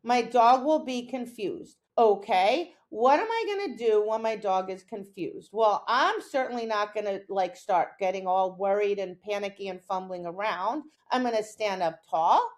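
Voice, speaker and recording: A woman's voice: mid-range voice, animated, moderate pace, few pauses. A middle-aged woman co-hosting a podcast, explaining dog training in a casual chat and acting out her own lines and her dog's reactions.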